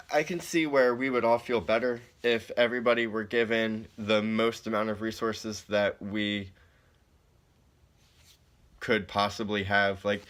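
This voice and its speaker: Man, low voice, bright tone, casual presentation, legal reading, plain explanations. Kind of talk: recorded slide presentation, reading legal definitions aloud.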